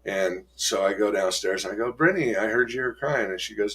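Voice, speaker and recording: A middle-aged man with a somewhat low voice tells a personal story, pausing and restarting as emotion catches him. When he quotes other people his pitch jumps up, then it drops back to a quiet, heavy tone. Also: lively intonation, husky. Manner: halting and emotional, many restarts and trailing pauses. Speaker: guest telling his recovery story.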